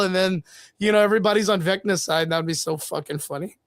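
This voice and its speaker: A podcast co-host with a high-pitched, steady voice talks quickly on a casual streamed chat show, joking loosely, swearing, and saying "dude" and "bro" a lot. His streaming mic gives a sound with no echo.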